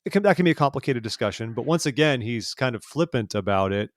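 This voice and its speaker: A man's voice: medium pitch, animated, quick pace, no room sound. Man chatting casually, dry sound. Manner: conversational, hesitant with fillers and restarts. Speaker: podcast co-host. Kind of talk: casual news discussion.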